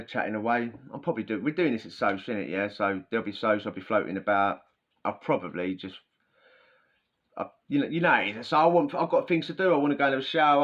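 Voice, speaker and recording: A man's voice: medium pitch, a bit bright. A man telling prison stories in a chatty, slangy, rambling way. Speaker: podcast host. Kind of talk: casual storytelling. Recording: dull lo-fi sound.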